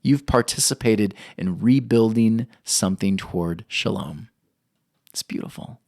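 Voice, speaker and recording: A man's voice: fairly low pitch, a little slow, a little mellow, no room sound, studio quality. A young adult man preaching a sermon, earnest, putting questions to his listeners. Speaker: pastor.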